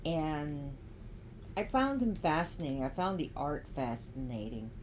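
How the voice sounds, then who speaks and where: A woman casually explaining oracle cards and ritual practice in a spiritual vlog, speaking in a halting way with frequent restarts. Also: deep voice, animated, noisy background.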